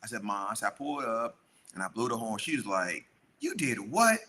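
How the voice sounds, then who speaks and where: A man's voice: medium pitch, very animated, a little fast, pushed and bright. A middle-aged man co-hosting a podcast, telling a story in casual chat and acting out the people he quotes. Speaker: podcast co-host.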